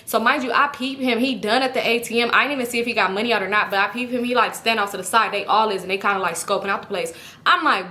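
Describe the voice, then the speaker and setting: Fast, bright-voiced woman telling a story. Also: a little high. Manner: animated, profane, chatty with asides to viewers. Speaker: YouTube storyteller. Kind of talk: casual storytime vlog.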